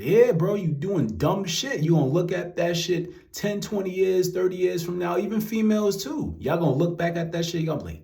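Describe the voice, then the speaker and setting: A man's voice: a little high, animated, a little fast, vocal fry, hardly any pauses, dark tone. Young New guy, exasperated profane rant, roomy echoey room. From New York. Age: young adult. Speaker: commentary vlogger. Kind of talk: ranting commentary. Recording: roomy echo.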